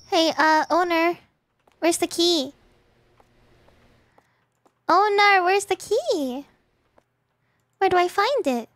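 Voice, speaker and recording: A woman's voice: extremely high pitch, fairly bright tone, no echo. A woman streaming a game in a casual, playful way, chatting with her viewers and breaking into dramatic exclamations. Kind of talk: casual gaming livestream.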